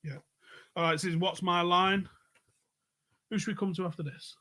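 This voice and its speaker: A male host running a pub quiz over a live stream, chatting loosely and peppering his talk with swearing. His voice sits a little on the high side. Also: fairly even intonation, moderate pace, sharp tone. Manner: jokey, swears freely. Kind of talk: casual live-stream banter.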